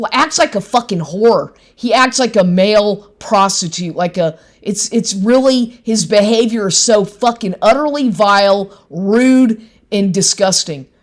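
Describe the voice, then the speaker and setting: An indignant woman pours out a profane, angry monologue at a middle pitch. She swears constantly and keeps breaking off and restarting her sentences.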